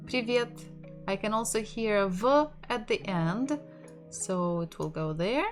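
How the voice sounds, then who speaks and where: A woman with a Russian accent teaching an online language lesson in English, explaining patiently and laughing softly now and then. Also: mid-range voice, lively intonation, slow. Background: soft lo-fi music.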